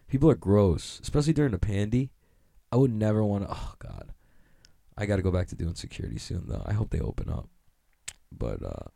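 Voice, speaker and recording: A man's voice: fairly low pitch, vocal fry, mellow, no room sound, clean studio sound. A young man rambling through a profane, self-mocking comedic monologue, laughing at his own jokes.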